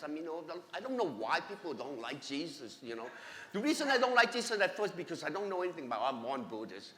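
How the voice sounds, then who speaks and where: A man giving an excited, emphatic personal testimony at church, speaking in broken grammar. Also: sits high, slight background noise. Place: church sanctuary. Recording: long echoey church hall reverb.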